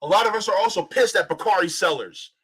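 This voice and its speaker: A man's voice: sits high, expressive, fast talker, a bit bright, husky, rough recording. Impassioned man ranting on a stream. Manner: impassioned, ranting, rhetorical questions. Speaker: political commentary streamer. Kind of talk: live-stream political commentary.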